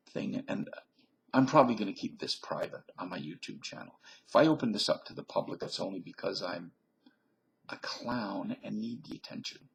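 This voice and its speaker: A man's voice: on the low side, vocal fry, slightly rough, poor audio. A man reading an article aloud on his channel, casual and jokey, wandering off into digressions and fussing over pronunciations.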